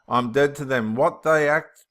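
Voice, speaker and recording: Speaking a bit slowly in a medium-pitched voice, a man who hosts a channel answers viewer comments in an impassioned, emphatic manner. His delivery lurches from loud sermonizing to quiet self-muttering.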